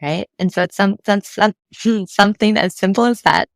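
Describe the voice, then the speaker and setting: A woman's voice: mid-range voice, moderate pace, vocal fry, no room sound. A woman guesting as a mental fitness coach, explaining things step by step in an easygoing way and often checking in with "right?". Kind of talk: casual interview explanation.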